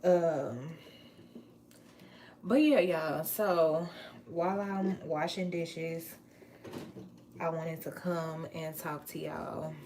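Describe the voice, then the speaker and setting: A woman chatting casually on a livestream, playful and drawn-out, while washing dishes at home. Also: deep voice, fairly even intonation, darkish tone, slight background noise. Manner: chatty, playful, drawn-out words, Southern US slang. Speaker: vlogger. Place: home kitchen.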